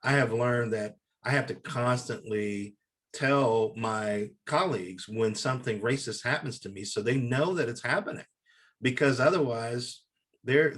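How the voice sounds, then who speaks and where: A man's voice: fairly low pitch, a bit bright. A man who is a TV critic, speaking reflectively on a panel and often restarting his sentences. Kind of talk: panel discussion.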